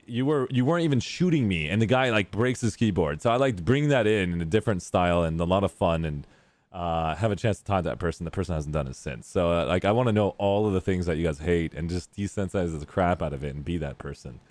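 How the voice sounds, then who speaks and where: A young man streaming, chatting casually with friends on voice chat, excitable and rambling. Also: low-pitched, fast talker, no room sound. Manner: excitable, laughs often, rambling.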